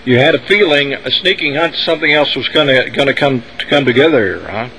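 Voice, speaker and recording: Husky male talk radio host; hesitant and halting interviewer, mid pitch. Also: lively intonation, pushed and bright, poor audio. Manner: hesitant, many fillers and restarts.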